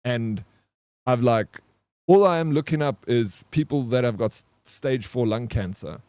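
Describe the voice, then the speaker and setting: A man's voice: mid-range voice, lively intonation, measured pace, darkish tone, dry recording. Swearing streamer man, says "bro" a lot. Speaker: live streamer. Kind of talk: casual live-stream storytelling.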